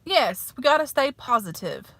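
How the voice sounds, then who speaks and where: Southern lady in her 30s vlogging from her car, bright voice, folksy, says honey a lot. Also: high voice, sing-song, moderate pace, no echo. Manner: chatty and folksy, peppered with "honey" and "like". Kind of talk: casual eat-with-me vlog chat. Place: parked car.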